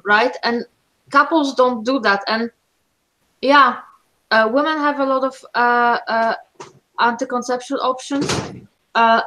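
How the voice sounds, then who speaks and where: A woman taking part in a casual debate, speaking in a halting way with many fillers and restarts. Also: a little high, a bit bright, low-quality recording. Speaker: participant in a discussion.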